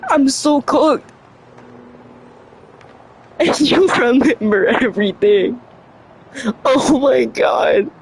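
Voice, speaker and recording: Young streamer tripping over words, high breathy voice, laughs a lot. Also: animated, very slow, long pauses. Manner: stumbling over words, flustered and self-mocking; laughs often between lines. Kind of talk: casual livestream chat.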